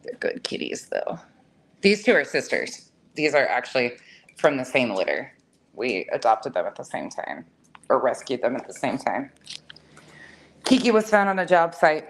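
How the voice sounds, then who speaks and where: A cat-owner vlogger with a very deep voice talks to camera at home about her cats, very animated at a moderate pace with long pauses. She is blunt and chatty, cursing freely, and the audio is poor.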